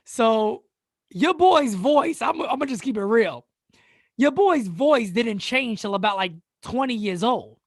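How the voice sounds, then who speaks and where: A man's voice: very high-pitched, expressive, a little slow, no room sound, studio quality. Joking, stammering male live-streamer. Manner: joking, laughs often, stammers and repeats. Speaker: sports channel host. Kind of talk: casual live-stream chat.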